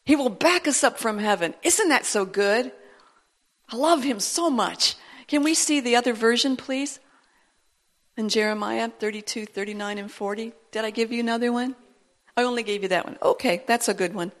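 A woman preaching a sermon in a church service, animated and building to emphatic declarations. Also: on the high side, normal speed.

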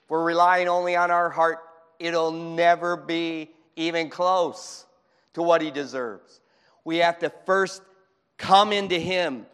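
A man preaching a fervent sermon in a church, moving between shouting and hushed speech. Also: a little high, steady tone, takes it slowly, smooth. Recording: long hall reverb.

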